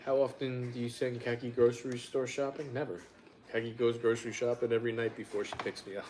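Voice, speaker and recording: Man, mid-pitch stream host, blunt and wry, salty language, faint hiss. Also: flat delivery, fast talker, darkish tone. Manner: blunt, wry storytelling, swears freely. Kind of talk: casual live-stream chat.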